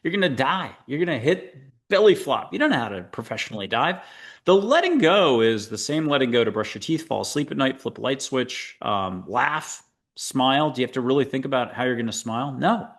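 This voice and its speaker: A man's voice: medium pitch, very animated, a little fast, a bit bright. A man from the United States hosting a spiritual talk show, speaking casually to the camera in a rambling, digressive way with playful asides and dad jokes. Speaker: show host.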